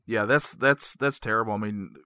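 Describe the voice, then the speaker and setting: A man co-hosting a casual podcast, halting and repeating words as he starts. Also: fairly low pitch, fairly even intonation, sharp tone, clear, resonant tone, dry recording, studio quality. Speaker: podcast co-host. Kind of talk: casual chat.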